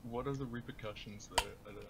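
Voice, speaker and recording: A tabletop player talking in a lively, playful way during the game. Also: medium pitch, fairly quick. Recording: noisy voice-chat mic.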